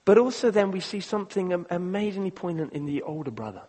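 A man preaching a sermon, earnest and halting, repeating words and swinging between loud appeals and hushed moments. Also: high voice, animated, breathy edge. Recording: long reverb of a large hall.

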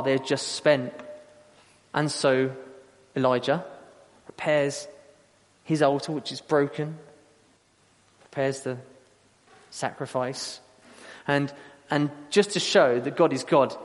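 Guy preaching, bit higher voice, tells the story all animated, big echoey hall. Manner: lively storytelling, acting out quotes. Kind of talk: sermon. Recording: long hall reverb.

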